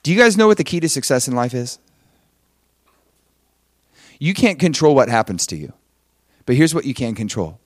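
A man preaching a sermon, telling a story in an animated way and acting out the quotes. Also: mid-range voice, normal speed, long pauses, no echo, clean studio sound. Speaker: pastor.

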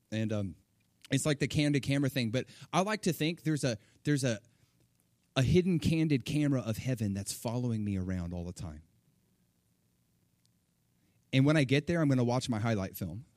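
Animated man preaching a story, dry sound. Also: mid-range voice, a little fast, no echo. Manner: animated, acts out quoted voices. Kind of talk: sermon storytelling.

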